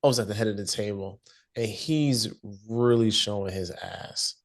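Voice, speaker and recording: A man's voice: on the low side, unhurried. A man co-hosting a casual TV recap podcast, talking in a laid-back, slangy way and laughing often. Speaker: podcast co-host.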